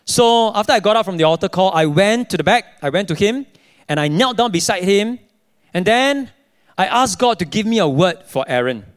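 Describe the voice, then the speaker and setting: A young adult male pastor, preaching a sermon in an animated storytelling way. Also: high voice, fairly quick. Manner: animated storytelling, acting out his own dialogue.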